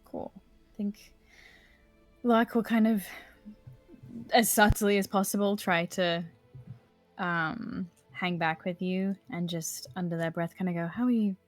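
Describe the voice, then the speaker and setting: Woman player, easygoing, mid pitch, dry close sound, faint music behind. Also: steady tone, slow, pauses often, dry recording. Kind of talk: casual tabletop play.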